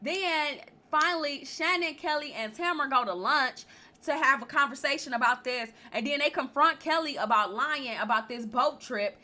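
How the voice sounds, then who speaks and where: A woman's voice: sits high, moderate pace. A woman vlogging a casual, blunt, laughing recap of a reality show, speaking with features. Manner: chatty, animated, laughing often, blunt opinions. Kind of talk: casual chat.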